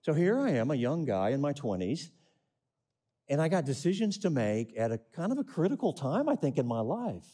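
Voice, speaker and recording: A man's voice: fairly high pitch, sing-song, normal speed, warm tone, slightly rough. A middle-aged man preaching a sermon, reading scripture and asking the congregation questions with rising emphasis. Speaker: pastor.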